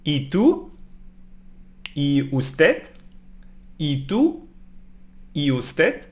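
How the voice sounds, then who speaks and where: A man teaching a language lesson, reading phrases slowly and repeating them, often adding a questioning "no?". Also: on the high side, wildly swooping pitch, darkish tone. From Germany. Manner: slow, repeated pronunciation drills with tag questions.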